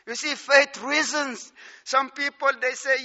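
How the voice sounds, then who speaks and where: A man preaching a sermon, slow and emphatic, citing scripture and chuckling between points. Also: very high voice, fairly even intonation, pushed and bright. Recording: dull sound with long hall reverb.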